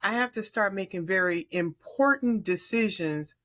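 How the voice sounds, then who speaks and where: A middle-aged woman from Chicago, a podcast guest speaking in an earnest, encouraging, deliberate way. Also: medium pitch, a bit bright. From Chicago, USA. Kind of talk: earnest advice in conversation.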